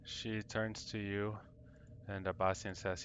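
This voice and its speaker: A man narrates a tabletop adventure as dungeon master, in a low voice, loose and full of fillers. A faint hum sits behind him. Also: flat delivery, unhurried, a bit bright. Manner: loose, hesitant, lots of fillers.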